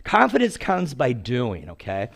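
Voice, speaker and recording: A man's voice: medium pitch, huge pitch swings, measured pace, creaky, a bit bright. A man in his sixties preaching a sermon in a storytelling way, acting out quotes and laughing at his own stories.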